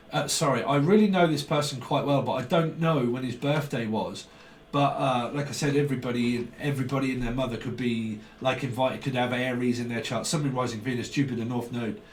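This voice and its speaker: A man giving a casual tarot reading, rambling in a stream of consciousness and chuckling often. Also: mid-range voice. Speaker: tarot reader. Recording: roomy, distant mic, faint background noise.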